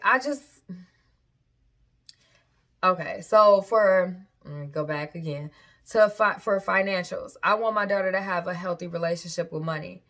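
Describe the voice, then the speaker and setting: A woman's voice: mid-range voice, a bit bright. A woman vlogger and parent talking casually to camera, candid and frank, often stopping to backtrack and restart.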